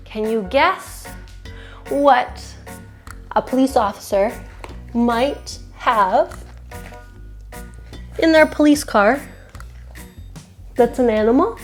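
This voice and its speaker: A woman's voice: fairly high pitch, very slow, pauses often, faint music behind. A young woman teaching a children's yoga class, encouraging and playful, singing short chants between poses. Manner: cheerful, encouraging, sings short chants and makes animal and siren sounds.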